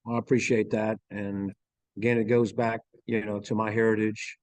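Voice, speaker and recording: A middle-aged man with a Louisiana accent speaks slowly in a low voice. He halts and fills his pauses as he talks about his ranch. The sound is dry and close. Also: level tone, no room sound, low-quality recording. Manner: slow, halting, with many fillers. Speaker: golf ranch owner. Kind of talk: casual interview talk.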